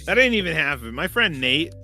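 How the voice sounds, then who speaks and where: A man co-hosting a podcast, chatting casually and telling animated stories, swearing freely and acting out the people he quotes. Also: on the high side, quick pace, faint music behind. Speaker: podcast co-host. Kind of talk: casual chat.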